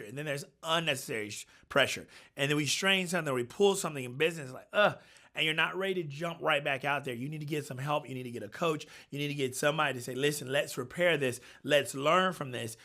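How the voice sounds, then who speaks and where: A man's voice: a little high, sharp tone. A man in his forties, a coach and personal trainer, giving an emphatic motivational talk with punchy repeated phrases.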